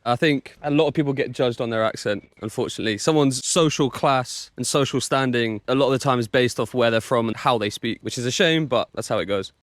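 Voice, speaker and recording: A man's voice: medium pitch, fairly quick, few pauses, dry recording. A man answering street interview questions in an emphatic, decisive way.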